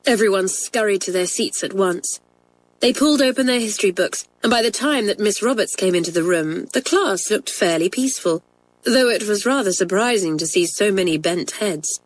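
A woman narrating a children's story in a clear, measured way. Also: medium pitch, poor audio. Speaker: audiobook narrator. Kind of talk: storybook reading.

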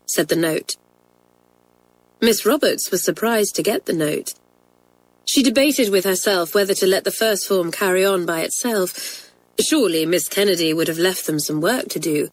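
A woman narrating a children's story in a clear, measured way. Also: fairly low pitch, no room sound, poor audio. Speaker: audiobook narrator. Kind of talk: storybook reading.

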